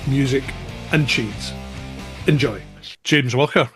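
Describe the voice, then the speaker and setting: A man's voice: mid-range voice, takes it slowly, fairly bright tone. Scottish man hosting an interview, playful and teasing, mid-range voice, guitar music underneath. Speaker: podcast host. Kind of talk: casual interview chat.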